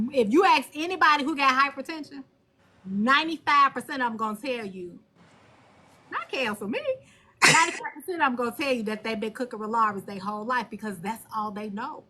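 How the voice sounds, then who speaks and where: A woman hosting a live stream and talking on her phone, blunt and animated, cursing freely. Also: on the high side, moderate pace. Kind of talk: casual live stream chat.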